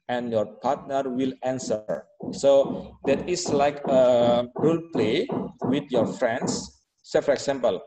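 A male teacher walks his class through grammar at an unhurried pace. His voice is mellow and relaxed, full of fillers and restarts. The room around him rings with a long echo. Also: mid-range voice, slight background noise. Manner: slow, explanatory, with frequent fillers and restarts. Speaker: English teacher. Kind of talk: online classroom instruction.

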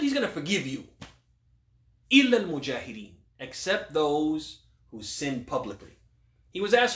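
A male imam giving a religious question-and-answer talk, asking rhetorical questions, then answering them, and quoting Arabic scripture quickly. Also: fairly high pitch, big pitch swings, a bit bright. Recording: echoey room.

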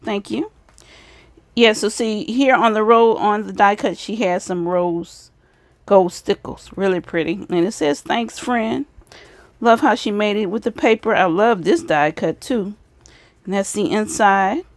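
A woman talks in a relaxed show-and-tell way, praising each craft piece she picks up. Her voice sits at an ordinary middle pitch. The sound is close and dry, with no room around it. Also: a little slow, dry recording. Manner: gushing, repeats praise often. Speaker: craft video host. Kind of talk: casual show-and-tell of craft swap items.

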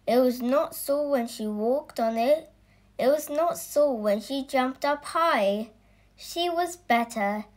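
Slow, gentle woman reading a children's story. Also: high-pitched. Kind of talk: children's story read-aloud.

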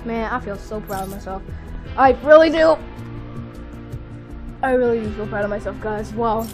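A woman giving excitable live commentary while playing a video game, jumping between panicked outbursts and quiet muttering. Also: medium pitch, fast talker, over music. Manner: says "dude" and "frick" a lot. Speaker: gaming video creator.

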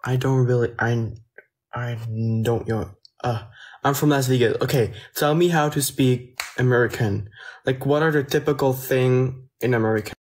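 A man with a French accent, a native French speaker, chatting casually on a phone livestream and answering viewer comments in a soft, hesitant way that often trails off. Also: mid-range voice, moderate pace. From France.

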